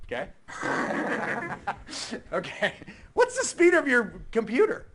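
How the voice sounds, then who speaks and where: Guy teaching a logic design class, high voice, bouncy, coding live, keys clacking. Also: unhurried. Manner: lively, chatty, teasing students. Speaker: university instructor.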